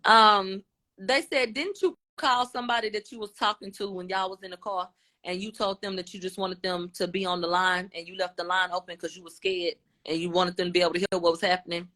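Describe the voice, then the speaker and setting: A woman's voice: fairly low pitch, fairly even intonation, brisk, sharp tone. A woman giving a casual, blunt recap of courtroom testimony, voicing both the questions and the answers in turn. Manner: informal, blunt, with slang. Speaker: commentator.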